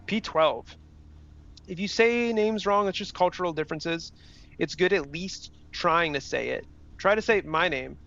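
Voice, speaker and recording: A man's voice: high voice, unhurried, creaky, fairly bright tone. A young man streaming a sim race, chatting casually with his chat, reading messages aloud and swearing freely. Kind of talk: casual livestream chat while racing. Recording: dull, slightly lo-fi stream audio.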